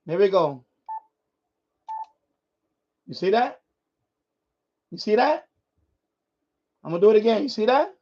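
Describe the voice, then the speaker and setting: A man's voice: sits high, sing-song, a little slow, long pauses. A man hosting a ham radio live stream, talking viewers through a casual demonstration while he handles his gear, rambling and restarting his sentences. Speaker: ham radio livestream host. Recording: dull lo-fi stream audio.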